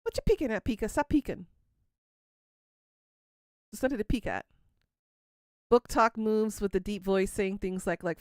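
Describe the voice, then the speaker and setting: A woman's voice: medium pitch, animated, moderate pace, long pauses, a little mellow, no echo, studio quality. A woman in her thirties hosting a livestream, chatting casually and teasing her viewers as she answers them. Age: 30s. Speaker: livestream host. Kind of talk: casual chat with live viewers.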